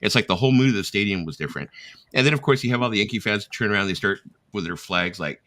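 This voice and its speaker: A middle-aged man hosting a casual live chat, telling animated stories, reading viewer comments aloud and laughing at his own jokes. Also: fairly low pitch, quick pace, no echo, studio quality. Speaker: host of a live chat stream.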